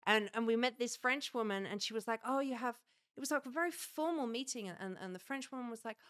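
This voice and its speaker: A woman's voice: fairly high pitch, fast talker, fairly bright tone. A woman comedian from England with an English accent, talking frankly and animatedly on a podcast, often swearing. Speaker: guest comedian. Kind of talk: casual podcast chat.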